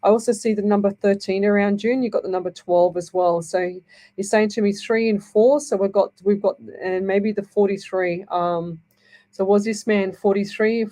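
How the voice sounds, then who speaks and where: A woman's voice: mid-range voice, fairly even intonation, moderate pace, dark tone. A middle-aged woman hosting a live psychic radio show, talking in a rambling, reassuring way and checking in with "okay?" as she reads. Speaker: psychic medium radio host.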